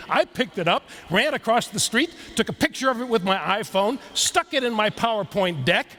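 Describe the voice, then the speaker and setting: A man's voice: high-pitched, bright, forceful tone. A man giving a keynote speech to a live audience, telling stories and leading the crowd through playful exercises. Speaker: keynote speaker. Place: stage before a live audience.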